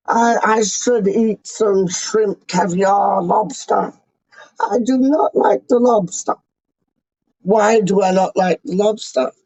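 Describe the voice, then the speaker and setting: A man hosting a livestream as a self-styled, snobbish Englishman, rambling slowly in pompous rhyming nonsense. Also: high voice, creaky, a little mellow, no echo, exaggerated voice. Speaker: livestream host. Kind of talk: comic in-character livestream ramble. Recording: dull, lo-fi, dry sound.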